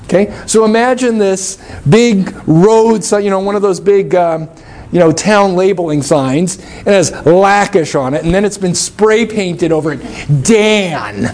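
A man's voice: high-pitched, unhurried, darkish tone. A man giving a classroom lecture in a conversational way, often checking in with his listeners.

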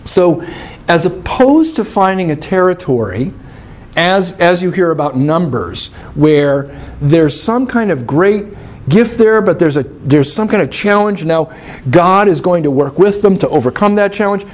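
A man's voice: high voice, animated, unhurried. A man giving a classroom lecture in a conversational way, often checking in with his listeners.

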